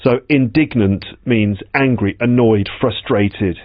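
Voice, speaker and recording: A man's voice: lowish voice, no echo. Man, English teacher, patient, repeats words, dull dry recording. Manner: slow, patient explanations with repetition. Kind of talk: explaining vocabulary from a story.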